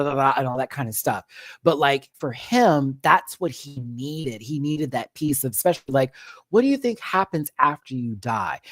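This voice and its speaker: Expressive man host, casual streaming rant, swears freely, close dry mic. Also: mid-range voice, no echo. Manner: animated and expressive, swears, acts out quotes. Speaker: live-stream show host.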